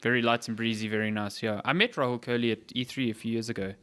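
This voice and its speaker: A man hosting a podcast in casual chat, animated and sweary, drifting into quiet asides. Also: medium pitch, quick pace, smooth. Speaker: podcast host.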